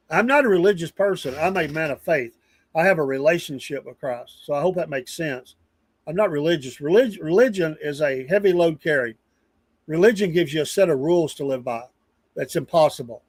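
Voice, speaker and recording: A man's voice: on the high side, animated, normal speed, husky. A man, hosting a casual live stream, rambling earnestly and greeting viewers from the chat by name. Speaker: livestream news show host.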